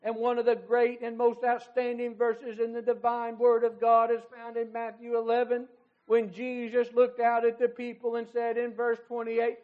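A man's voice: extremely high pitch, completely flat delivery, moderate pace. A man preaching a fervent sermon, pleading with his listeners and building to emphatic appeals. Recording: tinny phone-like recording.

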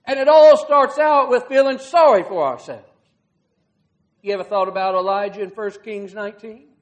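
A man's voice: high-pitched, moderate pace. A man preaching a sermon in an earnest, folksy way, asking rhetorical questions and building to dramatic emphasis.

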